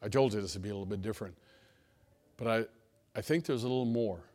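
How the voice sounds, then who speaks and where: A pastor preaching a sermon to his church, telling personal stories in a folksy manner that swings between hushed asides and emphatic lines. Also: lowish voice, fast. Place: church sanctuary.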